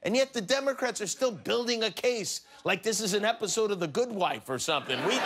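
Sarcastic late-night host, high-pitched. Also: male voice, animated, a little fast, hardly any pauses, heavy background noise. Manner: sarcastic joke delivery. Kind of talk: comedic monologue. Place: studio with live audience.

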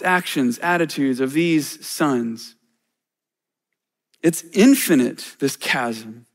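A middle-aged man, a church elder, preaching a sermon in a conversational way with self-deprecating humor. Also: fairly high pitch.

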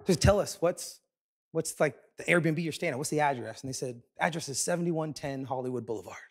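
A male pastor delivers a sermon, weaving in a personal story with lively, self-mocking humor. His voice sits a little high for a man, and he jumps quickly into playful asides. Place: large church auditorium.

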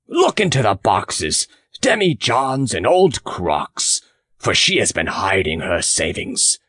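A male audiobook reader voicing a blustering, hearty farmer who lectures with loud emphasis. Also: lowish voice, slightly rough, dry recording, clean studio sound, heavily acted.

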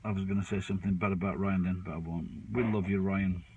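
A man's voice: deep voice, steady tone, fast, a little mellow, lo-fi sound, a little hiss or hum. A man in his fifties chatting casually to camera as a vlogger, rambling with restarts and poking fun at himself. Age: 50s. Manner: rambling, with frequent restarts and fillers.

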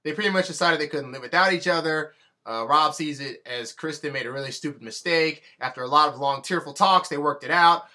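Young guy ranting on his vlog, fed up and emphatic, bright sharp voice sitting a bit high. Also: fairly quick. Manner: exasperated and emphatic. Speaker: vlogger. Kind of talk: ranting celebrity-news vlog.

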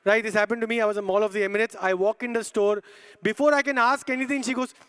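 A man doing an animated stand-up comedy set on a live stage, hyping the crowd and acting out little scenes. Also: sits high, fast talker, clean tone.

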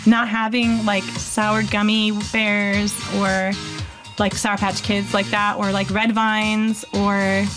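A woman's voice: medium pitch, little pitch movement, slow, over music. A woman hosting a live stream, chatting casually and reading out viewer comments in a bubbly, rambling way. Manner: chatty and bubbly, thinks aloud with many fillers.

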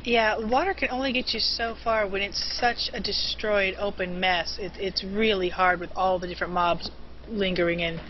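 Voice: medium pitch, fairly even intonation, moderate pace. Eager play-by-play co-caster, mid-range voice, lo-fi live-stream sound. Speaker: co-commentator. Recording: lo-fi live stream with faint hiss.

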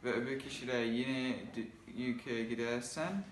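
A man's voice: medium pitch, normal speed, a little hiss or hum. A teenage boy from England giving an earnest school presentation. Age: teens. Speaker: pupil. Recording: echoey school hall.

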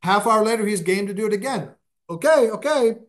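A man, a podcast guest, telling anecdotes in a casual, animated interview style, his pace speeding up and slowing down. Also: high-pitched.

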